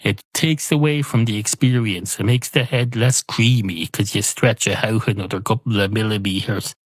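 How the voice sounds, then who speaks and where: A man's voice: lowish voice, moderate pace, no echo, pitched above the performer's own voice, close to an everyday voice. An Irish man voicing a fussy, demanding male cat ordering a pint, in a pedantic, complaining comic storytelling manner.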